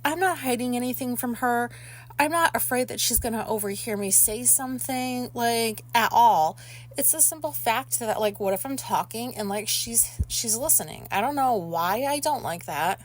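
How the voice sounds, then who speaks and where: A woman in her thirties chatting casually from her bedroom, rambling and candid, with plenty of swearing. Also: fairly high pitch. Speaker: podcast host. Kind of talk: casual personal chat. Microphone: phone.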